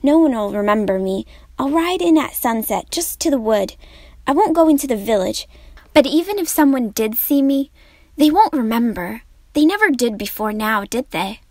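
A woman voicing a calm, sensible farm wife who talks patiently and eagerly. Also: on the high side, normal speed, no room sound.

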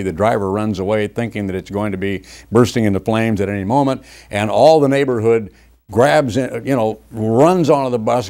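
A man's voice: on the low side, darkish tone. An older preacher delivers a sermon from his study. He talks in a conversational way, moves between reading scripture and chatting, and mocks other people's voices as he goes. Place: home study.

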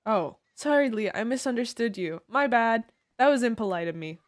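Woman streaming a game, kinda high voice, dry close mic, swears and laughs a lot, playfully dramatic. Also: lively intonation, normal speed, no echo. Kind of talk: casual livestream chat while gaming.

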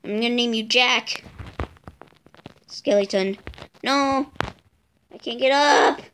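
A woman host giving let's play commentary, excitable, shrieking and yelling at the monsters in her game. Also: a little high, background noise. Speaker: gaming channel host.

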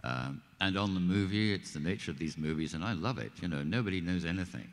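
A man's voice: deep voice, quick pace. Older man telling stories on a reverberant stage. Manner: animated, acts out quoted dialogue. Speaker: guest actor. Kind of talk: live panel storytelling. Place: live event stage. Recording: long hall reverb.

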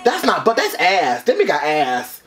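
High-voiced, dramatic, sassy man. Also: huge pitch swings, normal speed. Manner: dramatic, sassy and loud, full of slang. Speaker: YouTube reaction host. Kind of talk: music video reaction. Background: faint music from the video.

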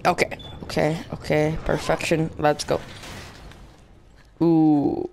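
A man's voice: a little high, unhurried, creaky, a little hiss or hum. A young man commentating his own gameplay, rambling and jokingly insulting the characters on screen. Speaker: gaming channel host. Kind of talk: let's play commentary.

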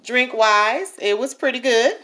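A woman's voice: on the high side, unhurried, bright, forceful tone. A woman chatting through a home cooking vlog in her kitchen, often checking in with viewers. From New Orleans, USA. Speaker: home cook.

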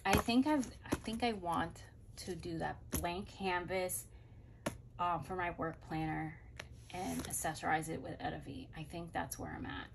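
A woman's voice: fairly low pitch, measured pace, gravelly, background noise. Gushing woman showing off planners. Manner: gushing, excitable, thinks aloud. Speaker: planner vlogger. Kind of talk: casual product haul chat.

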